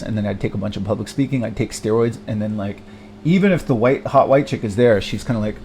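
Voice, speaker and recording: A man's voice: lowish voice, mellow, slight background noise. Rambling, bitter man, self-deprecating. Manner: rambling, halting, self-deprecating, many restarts and fillers; bitter, frequent swearing. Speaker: vlogger. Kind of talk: confessional monologue.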